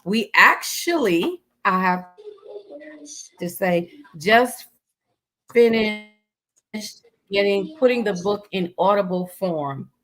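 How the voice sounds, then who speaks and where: A woman author as guest in a casual interview, friendly and unhurried as she talks about her books. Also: mid-range voice, expressive, a bit bright, low-quality recording.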